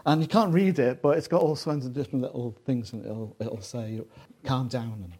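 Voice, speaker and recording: A man's voice: mid-range voice, lively intonation, a little fast, mellow. A man from Liverpool with a Scouse accent, preaching a sermon in a joking, conversational way full of asides. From Liverpool, England. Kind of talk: sermon with jokes.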